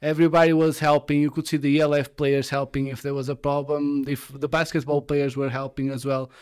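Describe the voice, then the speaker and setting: A young man with a smooth, clear voice pitched a little high, talking in a relaxed way on a livestream. He often restarts and repeats words as he looks for the right one. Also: brisk. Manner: easygoing, repeats himself while searching for words. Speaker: graphic designer and videographer. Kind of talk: casual livestream chat.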